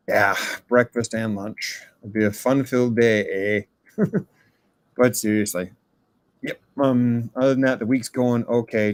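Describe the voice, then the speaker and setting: A man's voice: lowish voice, dry recording, studio quality. A man leaving a rambling, casual voice message for a podcast, tagging "eh" onto his sentences. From Minnesota, USA. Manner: rambling, ends sentences with a questioning "eh".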